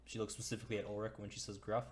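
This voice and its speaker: A man's voice: lowish voice, little pitch movement, rapid-fire. Easygoing man running a tabletop game. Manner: easygoing, chatty, lots of fillers. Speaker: game master.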